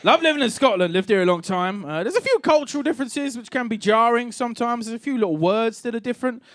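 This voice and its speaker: A man's voice: very high voice, lively intonation, quick pace, fairly bright tone. A man in his thirties performing a wry, chatty stand-up set in a comedy club, playing to the crowd. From England. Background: audience laughter.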